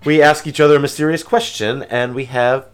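A man's voice: medium pitch, a little fast. A man co-hosting a casual podcast, joking and playful. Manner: playful, jokey and animated. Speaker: podcast co-host. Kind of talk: casual chat.

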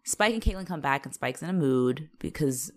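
Her voice sits low and sounds animated, moving at an ordinary speed. She's a podcast co-host in a laid-back rewatch chat, going over a TV episode and performing the characters' dialogue with plenty of cursing.

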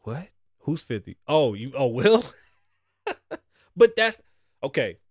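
A middle-aged man hosting a podcast, ranting bluntly with constant cursing, swinging from loud outbursts to low mutters. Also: sing-song, slow, dry recording, clean studio sound. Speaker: podcast host. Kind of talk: profane opinion rant.

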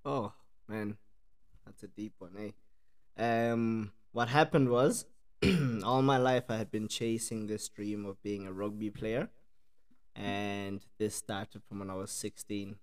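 A man's voice: fairly low pitch, steady tone, slow pace. A young man with a mixed Irish and South African accent, chatting casually on a podcast and laughing often. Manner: laid-back, laughs often, says "eh?". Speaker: podcast co-host.

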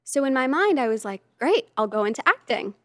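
A woman guest on a podcast, telling stories casually and lively, often slipping into quoted voices. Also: high-pitched, brisk, no echo. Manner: animated, lively storyteller who slips into quoted voices. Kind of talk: casual storytelling in conversation.

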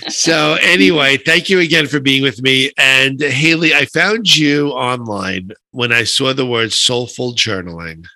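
A man's voice: mid-range voice, a little slow, few pauses, dry recording. Chatty New York man hosting a podcast. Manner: chatty, animated, self-deprecating humor. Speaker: podcast host. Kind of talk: podcast interview.

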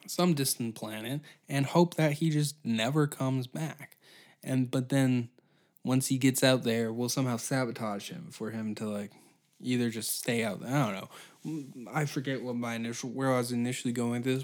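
A man's voice: medium pitch, a little mellow. A man from Canada hosting a solo comedy podcast, rambling and profane as he riffs off the cuff. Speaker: podcast host.

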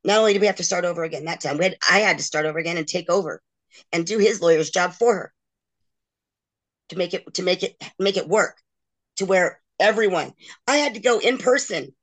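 A woman's voice: lowish voice, fairly quick. A middle-aged woman, a guest in an interview, frankly and emotionally recounting a long personal ordeal. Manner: emotional, frank, acts out others' quoted words. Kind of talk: candid personal storytelling.

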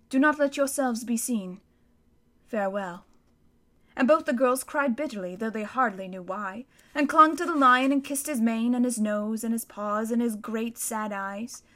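A woman reads a children's story aloud with dramatic, expressive storytelling. Her voice is bright and sits fairly high. She slows down and leans into the vivid scenes. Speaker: narrator. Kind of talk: audiobook reading of a children's story.

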